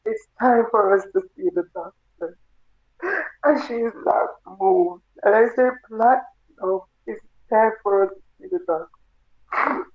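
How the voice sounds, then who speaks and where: A Jamaican woman, a grieving mother, telling her story in a halting, tearful way and repeating her words. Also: medium pitch. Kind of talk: emotional personal testimony. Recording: tinny phone-like sound.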